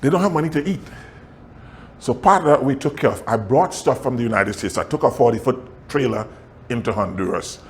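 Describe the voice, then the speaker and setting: Animated man preaching a story. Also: mid-range voice, a little fast, slight background noise. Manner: animated, laughs often, acts out quotes. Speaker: pastor. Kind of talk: sermon storytelling.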